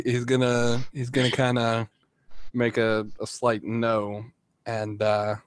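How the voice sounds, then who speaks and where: A man describing his character's actions in a tabletop game in a flat, low-key way. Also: no echo. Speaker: player.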